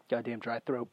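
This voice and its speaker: A man's voice: medium pitch, fairly bright tone, dry recording. A man telling a rambling personal story in a casual, profane way that gets heated. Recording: dry, dull lo-fi recording.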